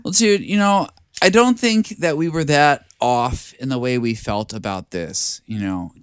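A man co-hosting a casual podcast chat, playful and quick to laugh, with some swearing. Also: mid-range voice, clean tone, no echo, studio quality. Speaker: podcast co-host.

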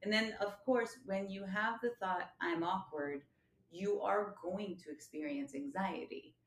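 A woman co-hosting a podcast as a coach, talking in an animated, casual way and laughing often. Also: mid-range voice, measured pace, a little hiss or hum. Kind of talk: casual conversational chat. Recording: echoey room.

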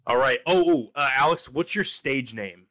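A bright-toned man co-hosting a casual livestream chat and cutting in with eager, quick remarks. His pitch moves around a lot as he talks. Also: lively intonation, dry recording. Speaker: co-host and beatboxer.

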